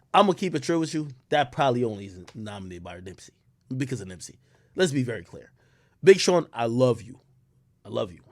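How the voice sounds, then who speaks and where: Male streamer, casual profane chat, lively pitch swings, dry close sound. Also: no room sound. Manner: loose and profane, reacting to chat, swings loud and quiet.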